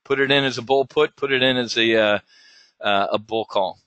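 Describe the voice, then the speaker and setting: A man's voice: mid-range voice, moderate pace, pushed and bright, dry recording. Stammering, blunt male trading coach. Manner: stammering, repeats words, salty and blunt, pilot slang. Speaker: options trading coach and webinar host. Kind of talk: casual live webinar briefing.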